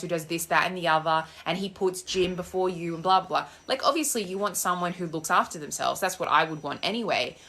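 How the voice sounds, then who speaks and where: A woman's voice: lowish voice, sharp tone. Sassy, blunt young woman chatting on a walk. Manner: sassy, blunt, swears freely. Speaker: manifestation coach. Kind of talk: casual live-stream chat answering comments. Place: outdoors on a walk. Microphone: phone held in hand.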